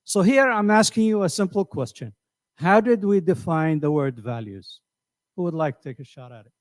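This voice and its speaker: A man's voice: high voice, animated, moderate pace, no room sound. A middle-aged man teaching a class, asking his students questions and often repeating words as he thinks. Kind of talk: classroom lecture.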